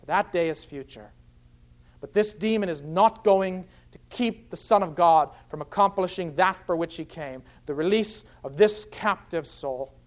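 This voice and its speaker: High-voiced man preaching a sermon. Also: a little slow. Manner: earnest, explains scripture point by point. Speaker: pastor. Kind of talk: expository sermon.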